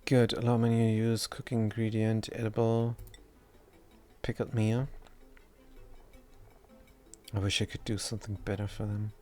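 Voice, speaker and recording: A man's voice: lowish voice, flat delivery, measured pace, long pauses, darkish tone, soft background music. A young man with a non-native English accent, chatting casually while playing a game, rambling and stumbling over his words. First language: not English. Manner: rambling, self-deprecating, stumbles and restarts words. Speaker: gaming streamer. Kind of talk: casual gameplay commentary.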